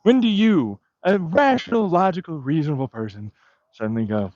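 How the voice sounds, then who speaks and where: Agitated, swearing man with a lively voice. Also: a little high, normal speed, no room sound. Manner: agitated, swearing, muttering bitterly. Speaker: vlogger. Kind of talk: profane ranting monologue. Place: outdoors walking a dog. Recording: dull lo-fi dry sound.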